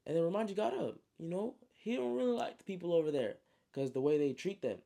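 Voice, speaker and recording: Man, gravelly voice, dark tone, slangy storytelling, relaxed, fillers. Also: fairly high pitch, fast talker. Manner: slangy, relaxed, many "you know" fillers. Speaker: storyteller and author. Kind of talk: casual spoken retelling of his novel.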